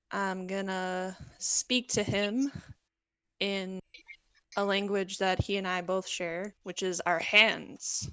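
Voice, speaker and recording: Woman player on a voice call, bright, dry mic, kinda apologetic. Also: mid-range voice, clean tone, dry recording. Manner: apologetic, casual. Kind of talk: casual tabletop game chat.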